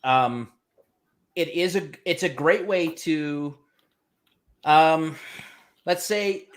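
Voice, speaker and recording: A man's voice: on the high side, drawn-out words. A man chatting casually on a livestream panel, jokey and talkative, reviewing a strong Scotch. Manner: chatty, jokey, puts on voices for laughs.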